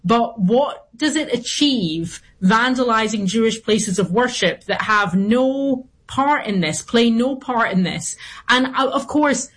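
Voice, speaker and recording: A woman's voice: fairly high pitch, husky. A woman gives a long, earnest interview answer in a mid-range voice. She keeps going through small restarts and fillers. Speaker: guest commentator.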